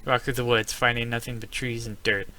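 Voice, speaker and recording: Bright-voiced man reading a text game aloud. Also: medium pitch, flat delivery, fast talker. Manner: reads story text aloud, then breaks into startled exclamations. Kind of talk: casual let's-play narration.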